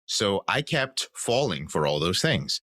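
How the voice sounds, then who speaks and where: A man's voice: fairly low pitch, big pitch swings, unhurried, bright, forceful tone, dry recording. A man in his thirties, a podcast guest, telling his personal story in an earnest, reflective way. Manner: earnest, reflective, acts out quoted voices.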